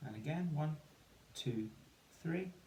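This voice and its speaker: A man's voice: a little high, lively intonation, slow, dark tone. A man teaching children phonics, counting in and sounding out words syllable by syllable, with encouraging praise. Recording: echoey room with faint ambient noise.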